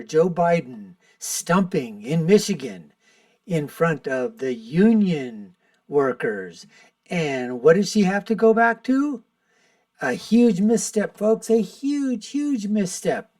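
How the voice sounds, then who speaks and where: A man's voice: fairly high pitch, no room sound, studio quality, far from the mic. A man hosting a political commentary show, mocking in tone and calling his viewers "folks.". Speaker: show host.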